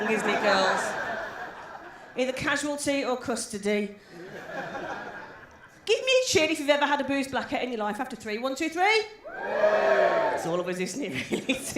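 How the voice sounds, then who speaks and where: A woman in her forties with a West Midlands accent doing brash, swearing stand-up and teasing the crowd. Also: high-pitched. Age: 40s. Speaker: stand-up comedian. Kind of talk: live stand-up with crowd work. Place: comedy gig venue. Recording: echoey live room with background noise.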